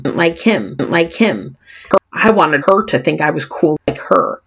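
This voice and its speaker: A woman's voice: slightly rough, muffled recording. A woman with a Californian accent and a slight lisp, an author giving a dramatic, self-mocking reading of her own memoir. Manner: dramatic, self-mocking, wide swings in pitch and volume. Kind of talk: expressive reading of memoir prose.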